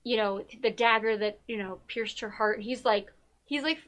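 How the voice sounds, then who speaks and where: A woman's voice: fairly high pitch, normal speed, a bit bright. A woman co-hosting a TV talk show, chatting casually and gushing about a documentary, with many fillers. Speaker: podcast co-host.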